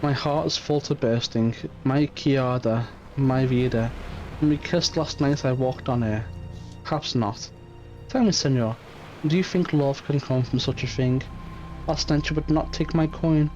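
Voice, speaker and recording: In a game reading, a man plays a lovesick and flamboyant Spanish fishmonger with an affected Spanish accent. His voice is natural, mellow, and a little high, at a moderate pace, over muffled stream audio and faint music.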